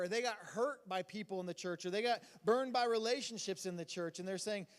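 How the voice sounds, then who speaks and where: A man's voice: sits high, a little fast, hardly any pauses. A man preaching a sermon in a church hall, with a casual, rambling delivery and banter with the audience. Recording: reverberant hall.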